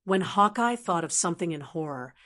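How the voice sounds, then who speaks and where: A woman narrating a translated fantasy novel as an audiobook in a steady, even reading voice. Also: lowish voice, a little fast. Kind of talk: scripted narration.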